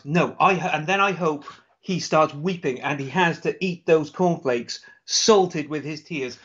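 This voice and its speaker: Podcast co-host, male, rambling anecdotal storyteller, slightly high pitch, dull lo-fi recording. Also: unhurried, hardly any pauses, fairly bright tone. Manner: rambling storyteller, swears, laughs often. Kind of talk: casual chat. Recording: dull lo-fi sound.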